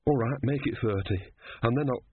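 Casting note: a man playing a fearful, obedient young novice, husky voice, narrow lo-fi audio. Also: mid-range voice, moderate pace, dry recording. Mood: anxious. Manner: nervous, hesitant, deferential. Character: timid young male novice monk. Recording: dry, phone-like narrow sound.

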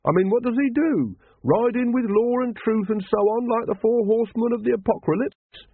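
A man voicing a dour, blunt working-class cult member in a raised, gruff voice. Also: normal speed, no room sound, full character voice. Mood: grumbling. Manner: gruff, blunt, higher than the reader's own voice. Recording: dry, tinny, phone-like sound.

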